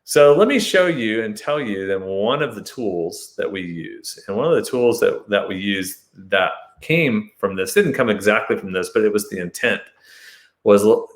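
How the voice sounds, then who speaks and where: A man hosting his show, telling a personal story as a monologue and acting out shouted lines with sudden high jumps. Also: echoey room.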